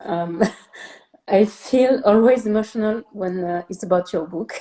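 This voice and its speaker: A woman with a French accent, a native French speaker, answering in halting English with many pauses and fillers. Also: medium pitch, mellow. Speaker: guest, younger sister. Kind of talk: emotional interview answers.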